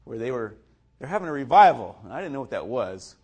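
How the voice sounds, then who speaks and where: A man recounts his personal faith testimony in a relaxed, conversational way. He laughs often, fills his speech with casual fillers and acts out other people's lines in lively voices. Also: mid-range voice, quick pace, husky. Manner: chuckles often, loose and conversational with many fillers.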